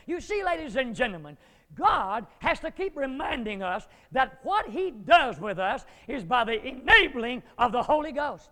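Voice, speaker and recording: A man preaching a dramatic sermon, acting out biblical figures and climbing to near shouts. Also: very high-pitched, very animated, moderate pace. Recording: long hall reverb.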